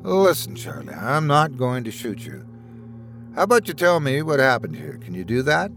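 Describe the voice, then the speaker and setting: Calm paternal gunman , read by a man, lively pitch, music underneath. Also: moderate pace. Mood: gentle. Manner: cordial, paternal. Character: man searching an asylum, paternal and patient.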